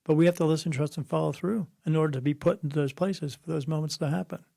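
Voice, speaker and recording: Gravelly blunt-talking man. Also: on the high side, steady tone, fast, mellow, no room sound, studio quality. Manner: blunt, preachy, acts out quoted voices. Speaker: spirit medium, guest. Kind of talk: conversational interview, storytelling.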